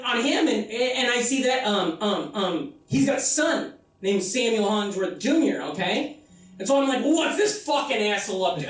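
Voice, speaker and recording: A man performing a solo comedy show, telling a rambling, incredulous story full of swearing. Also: very high-pitched. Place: festival theater stage. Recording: echoey room from far off.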